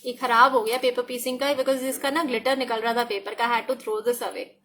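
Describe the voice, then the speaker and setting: Racing along in a sharp, flat, fairly high voice, this Indian English-accented craft die designer shows off a product with enthusiasm. She keeps repeating "look at this" and switches into Hindi, with slight background noise behind her.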